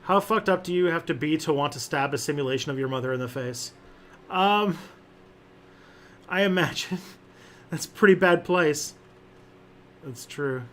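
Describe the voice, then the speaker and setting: A man's voice: fairly high pitch, normal speed, pauses often, a bit bright. A man hosting a casual livestream and answering chat questions, rambling with lots of fillers and restarts.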